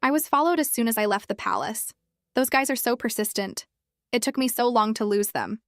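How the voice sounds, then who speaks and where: A woman's voice: fairly high pitch, a little fast, no room sound, studio quality, lightly acted. A woman voicing a young runaway prince, chatty and a little nervous.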